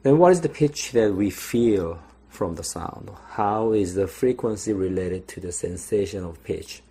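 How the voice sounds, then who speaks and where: A young man with a low, somewhat husky voice lectures at an unhurried pace, pausing often and rephrasing as he explains. His tone is dark and mellow throughout. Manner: unhurried explaining with frequent fillers and restarts. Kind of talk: recorded lecture.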